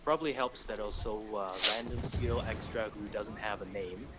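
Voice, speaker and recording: A young man from Malaysia, speaking with an American accent, rambles through anecdotes in a dry, sardonic way. His voice sits a little low. A steady hiss runs under the stream recording. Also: normal speed. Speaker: streamer and host. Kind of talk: casual chat while gaming.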